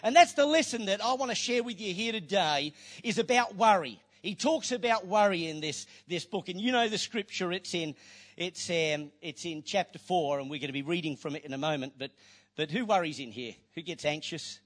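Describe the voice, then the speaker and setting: High-voiced man preaching lively. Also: normal speed. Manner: lively storytelling with playful asides. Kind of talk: sermon.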